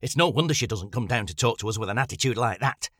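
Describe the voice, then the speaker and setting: A man voicing a gruff, blunt middle-aged father with an English accent. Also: medium pitch, animated, quick pace, a bit bright, no echo, clean studio sound.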